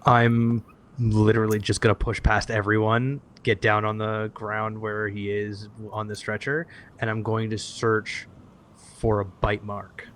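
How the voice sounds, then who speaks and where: A man's voice: on the low side, completely flat delivery, unhurried, fairly bright tone, a little hiss or hum. A man playing a tabletop role-playing game, talking eagerly and hesitantly with fillers. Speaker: player.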